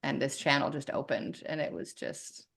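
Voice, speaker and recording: A woman's voice: extremely low pitch, normal speed, gravelly. A woman in her thirties, a podcast guest talking candidly and with lots of energy in a casual conversation. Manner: candid, animated, swears freely.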